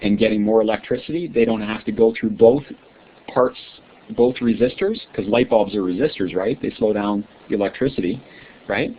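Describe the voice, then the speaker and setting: A man's voice: lowish voice, moderate pace. A male teacher giving an online science lesson, quizzing his students in a friendly way and often checking with "right?". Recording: tinny lo-fi line with faint hiss.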